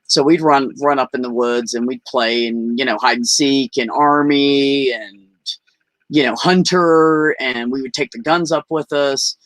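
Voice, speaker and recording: Man, podcast guest, candid rambling storytelling, mid-pitched voice, dry close sound, video call. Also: fairly even intonation, a little slow, a bit bright, no room sound. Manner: rambling, frank, sprinkles "you know" and "like".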